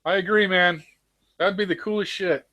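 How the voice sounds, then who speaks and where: A man's voice: sits high, steady tone, moderate pace, pushed and bright. Laid-back man. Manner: laid-back, says "man" and "dude" a lot. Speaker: panelist. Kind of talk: casual chat.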